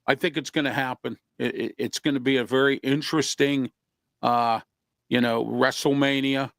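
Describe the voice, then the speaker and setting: Male guest, gravelly, halting, filler-heavy, dry close sound. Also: mid-range voice, fairly even intonation, a bit bright, no room sound. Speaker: wrestling guest. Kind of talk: casual talk show chat.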